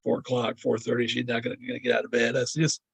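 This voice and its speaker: An older man guesting on a podcast rambles through a long story about encounters, repeating words and voicing the people he quotes in casual storytelling. He speaks quickly in a mid-range, gravelly voice with a breathy edge and totally flat delivery, and there's no room sound.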